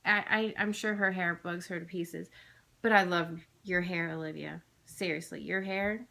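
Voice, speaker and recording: A woman's voice: on the low side, steady tone, moderate pace, creaky, pushed and bright. A woman, rambling chattily with lots of fillers as she vlogs about her craft haul. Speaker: flosstube vlogger. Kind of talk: casual chatty haul video.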